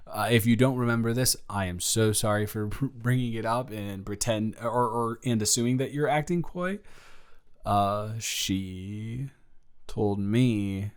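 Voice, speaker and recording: A man's voice: lowish voice, measured pace, smooth. Playful teasing man in audio roleplay. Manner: playful teasing, rambling, animated storytelling. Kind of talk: improvised romantic audio roleplay.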